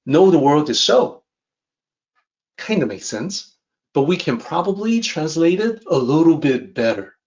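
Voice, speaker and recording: A man teaching a lesson on a classic text, calmly repeating and rephrasing each idea. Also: a little high, muffled recording. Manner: measured, repeats and rephrases ideas. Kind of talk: calm explanatory lesson.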